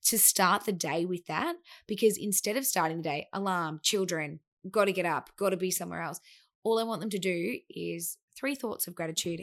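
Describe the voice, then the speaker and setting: Brief: a woman coach hosting a podcast, chatty and animated, voice sits a little low. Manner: chatty, animated, acts out quoted remarks. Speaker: fat-loss coach and podcast host. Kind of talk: casual podcast monologue.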